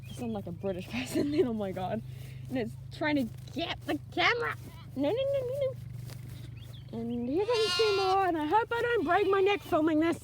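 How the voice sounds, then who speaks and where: A young woman from New Zealand, her voice high, expressive and fairly quick, films a casual farm vlog on a handheld camera out in a paddock among the sheep. She chats and giggles at the lambs while the outdoor camera audio picks up bleating sheep and lambs as background noise.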